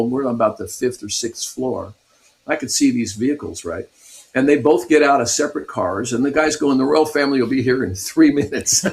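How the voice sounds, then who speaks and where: Older guy from california telling road stories, lots of ups and downs in his voice, chuckles a lot. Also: medium pitch. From Pasadena, California. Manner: animated, laughs often, acts out quotes. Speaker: guest guitarist. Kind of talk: storytelling in a radio interview.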